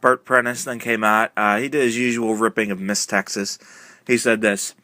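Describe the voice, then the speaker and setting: Man, casual wrestling recap, rambling, lots of fillers, lowish pitch, dry close sound. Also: steady tone, moderate pace, sharp tone, no room sound. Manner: rambling, filler-heavy retelling with many uh and um. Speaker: wrestling show reviewer.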